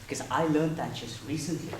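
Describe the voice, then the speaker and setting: A man in his thirties giving a prepared contest speech in playful, animated storytelling. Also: fairly high pitch, fairly quick, crowd noise. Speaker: contest speaker. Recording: echoey hall, mic far off.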